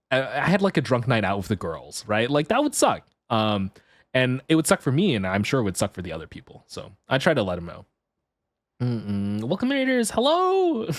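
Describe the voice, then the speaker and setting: A man streaming live, chatting casually and telling a story to his chat, jumping into high excited yelps when he gets worked up. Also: no room sound. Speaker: VTuber streamer.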